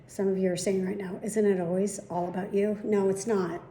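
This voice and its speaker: A woman's voice: medium pitch, a little fast, reverberant, slight background noise. Chatty, profane woman vlogger. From United States. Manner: chatty, profane, animated retelling. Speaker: vlog host. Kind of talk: casual storytelling to followers.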